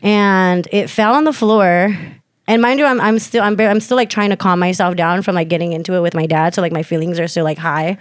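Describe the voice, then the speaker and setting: A woman's voice: fairly low pitch, steady tone, brisk, no echo, clean studio sound. A young woman co-hosting a podcast, telling a story in loose casual chat, full of fillers and swearing. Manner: loose, filler-heavy, swears freely, acts out quotes loudly. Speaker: podcast co-host.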